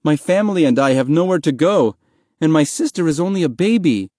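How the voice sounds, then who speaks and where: A man's voice: fairly high pitch, expressive, brisk, mellow, no echo, studio quality, voice pushed up. A man voicing a desperate young refugee boy who pleads urgently for help. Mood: pleading.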